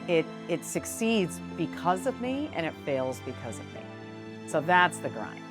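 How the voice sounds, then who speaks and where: A low-voiced woman talks about her business in a relaxed interview. Her speech is frank and animated, scattered with casual fillers, and faint music plays underneath. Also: measured pace. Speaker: business owner, interview guest.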